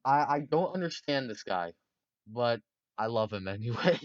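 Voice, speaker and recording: A man's voice: fairly low pitch, expressive, moderate pace, clear, resonant tone, no echo, muffled recording. A man casually narrating history for a video, rambling and joking with many fillers.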